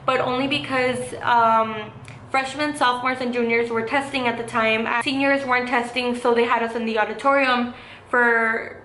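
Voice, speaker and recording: A woman's voice: on the high side, steady tone, normal speed, bright, forceful tone. A young adult woman vlogger telling a casual story, chatty and full of fillers like "like" and "um". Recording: echoey room with faint hiss.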